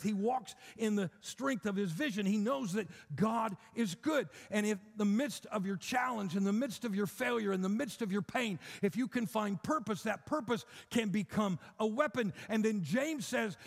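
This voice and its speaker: A man delivers a sermon in a high, gravelly voice that carries a long reverb through a large sanctuary. He preaches emphatically, stacking repeated phrases into bold, rhythmic declarations. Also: normal speed, few pauses.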